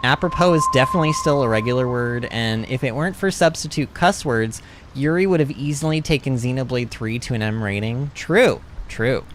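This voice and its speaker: A man's voice: mid-range voice, fairly quick, background noise. A man casually chatting as he streams a game, reading chat aloud and laughing often. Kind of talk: casual gaming commentary.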